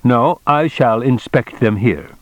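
A man reading an audiobook, voicing a courteous, stiffly formal male envoy who talks in slow, measured phrases. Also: medium pitch, no room sound, dull audio, voice pushed up, lightly acted.

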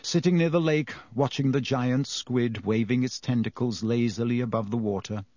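A man narrating an audiobook with an expressive delivery. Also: mid-range voice, normal speed, no room sound, studio quality. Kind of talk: audiobook reading.

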